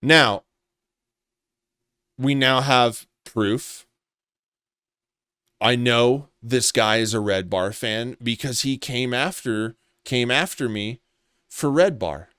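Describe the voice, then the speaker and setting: Man, slow deliberate pace, smooth clear voice, dry close sound, scornful accusing rant. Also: mid-range voice, sharp tone, no room sound. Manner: accusatory, contemptuous, profane. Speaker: commentary vlogger. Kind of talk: ranting commentary.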